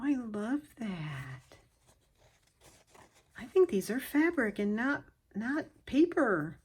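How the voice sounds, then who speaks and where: A woman's voice: mid-range voice, a little mellow, slightly rough. A woman craft vlogger opening a gift package on camera, gushing and gasping over each item and sometimes dropping to a whisper. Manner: gushing, exclaims and gasps. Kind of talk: casual unboxing chat. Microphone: camera on a stand, she moves it by hand.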